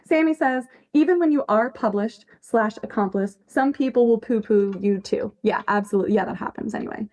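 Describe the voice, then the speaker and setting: A woman's voice: a little high, a little fast, few pauses, darkish tone. A woman chatting casually on a livestream, emphatic, swearing freely and laughing often as she answers her chat. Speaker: fanfiction writer on a livestream.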